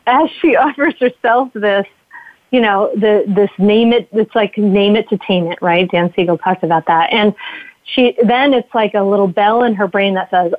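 A woman's voice: medium pitch, normal speed, no echo. Laughing woman on a tinny call line. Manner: lively, laughs often, acts out quoted feelings. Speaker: guest, mindful parenting author. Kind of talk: casual interview talk. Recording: dry, tinny phone-like line.

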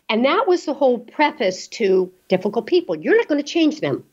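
Chatty woman host, husky, lo-fi. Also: a little high, sing-song, brisk, a little mellow. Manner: chatty storyteller. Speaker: podcast host. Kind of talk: interview talk. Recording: dull lo-fi sound.

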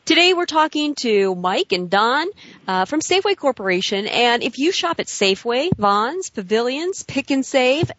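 A woman's voice: fairly high pitch, big pitch swings, normal speed, a bit bright, dry recording, lo-fi sound. A woman hosting a radio talk show, chatting upbeat and enthusiastically with listeners and guests.

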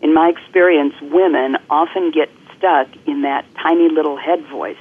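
A woman guest coach explaining things clearly and articulately in an interview, speaking over the phone. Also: low-pitched, fairly even intonation, moderate pace. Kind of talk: interview on a podcast. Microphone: telephone. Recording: phone-line call-in audio.

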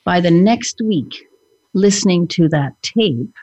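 A woman's voice: on the low side, animated, slow pace, a little mellow, slightly rough, no echo. A woman hypnotherapist co-hosting a podcast, talking earnestly about her work with clients in casual chat. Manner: earnest, speaks from client experience.

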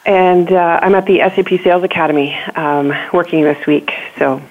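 A woman speaking as a remote guest on a talk show, relaxed and a little hesitant. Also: on the low side, normal speed. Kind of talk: casual interview chat. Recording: tinny phone-like call line.

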